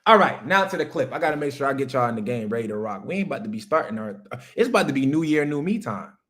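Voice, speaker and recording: A mid-range, sing-song male voice with a fairly bright tone comes out fast. The speaker is a business coach on a livestream, giving his chat an emphatic, swearing-filled motivational rant about business.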